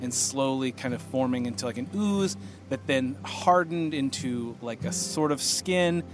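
A man describing his character in a tabletop game, theatrical and quick to laugh. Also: mid-range voice, music in the background. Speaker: player.

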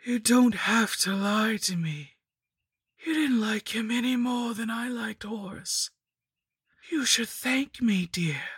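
Woman doing a rotting old lich hag, whispered role-play, high wheezy cackling whisper, slow and gloating. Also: husky, dry recording, studio quality, heavily acted. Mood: mocking. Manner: slow, sing-song and mocking.

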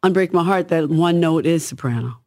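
Husky-voiced woman singer, dry sound. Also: a little fast, a little mellow, no room sound. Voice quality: husky, low-toned. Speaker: singer, guest. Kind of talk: casual interview talk.

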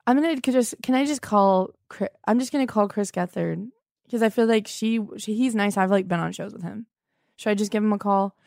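A woman's voice: mid-range voice, creaky, darkish tone, no echo, clean studio sound. A young woman hosting a comedy podcast, overwrought and flipping moods in a flash as she calls people on the phone. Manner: dramatic, overwrought, quick mood flips.

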